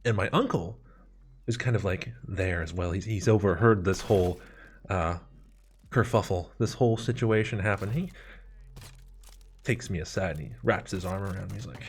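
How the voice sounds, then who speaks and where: A man telling a comedic personal story, animated and self-mocking, with dramatic asides. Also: low-pitched, normal speed, long pauses, a little hiss or hum.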